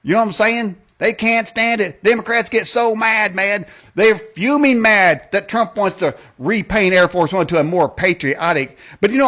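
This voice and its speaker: High-voiced man ranting mockingly. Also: a bit bright. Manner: mocking, rambling, laughs at own jokes; folksy slang, repeats "man" and "okay". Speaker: host. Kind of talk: political rant monologue.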